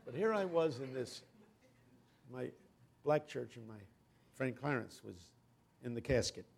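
An older man preaching a guest sermon, telling stories with humor and building to loud, impassioned climaxes. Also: medium pitch, animated, measured pace, gravelly.

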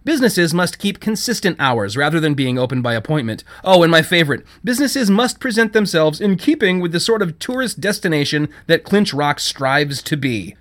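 A man's voice: on the high side, expressive, normal speed, hardly any pauses, fairly bright tone, voice pushed up. Judith, a man voicing a fiery, sarcastic young woman. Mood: indignant. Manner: indignant, sarcastic. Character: sharp-tongued young woman, fiery shop worker.

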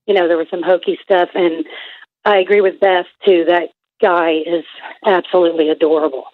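A woman's voice: fairly low pitch, steady tone, normal speed, no echo. Chatty middle-aged woman on a phone line. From California. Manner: chatty, enthusiastic. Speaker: caller. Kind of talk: radio call.

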